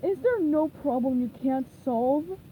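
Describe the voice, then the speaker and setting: A woman putting on a dim friendly starfish guy, dopey drawl, somewhat high and loud, storybook reading. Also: expressive, measured pace, phone-quality sound, slight background noise.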